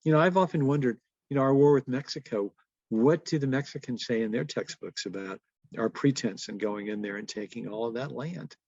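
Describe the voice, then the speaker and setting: A man in his seventies speaks with a gravelly, fry-edged voice at a middle pitch. He talks in a storytelling way as an interview guest, laughing often. The sound is dry and a little dull. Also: brisk, a little mellow, no echo. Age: 70s. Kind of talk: conversational interview.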